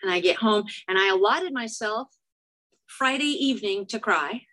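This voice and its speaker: At a church meeting room before an audience, a middle-aged Chicago woman gives a candid, self-deprecating AA recovery share, often checking in with "right?". Her mid-range voice is bright and forceful, with lively intonation at a moderate pace.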